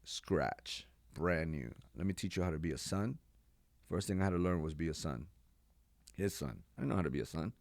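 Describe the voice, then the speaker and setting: Man, 40s, from New York, pastor, very low voice, animated slangy storytelling, podcast guest. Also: normal speed, gravelly, dry recording. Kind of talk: personal testimony in a podcast interview.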